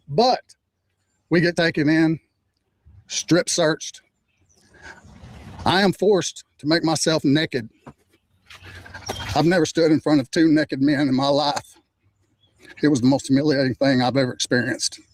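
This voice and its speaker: Older man, steady dry account. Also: fairly high pitch, unhurried, pauses often, no echo. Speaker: father recounting arrest. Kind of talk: personal account.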